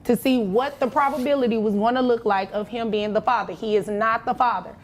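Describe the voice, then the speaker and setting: A woman's voice: on the high side, fairly even intonation, a little fast, slight background noise. A woman arguing insistently and defensively as a litigant on a televised court show.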